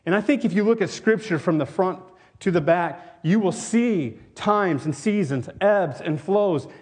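A man's voice: sits high, expressive, unhurried, darkish tone, breathy edge. A man raised in Tennessee, preaching a sermon as pastor, earnest and rambling with many restarts. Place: church.

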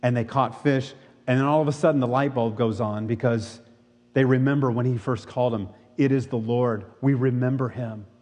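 A man's voice: mid-range voice, steady tone, normal speed, darkish tone. Man preaching in a reverberant hall. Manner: reads scripture, then preaches with rhetorical questions. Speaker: pastor. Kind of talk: sermon.

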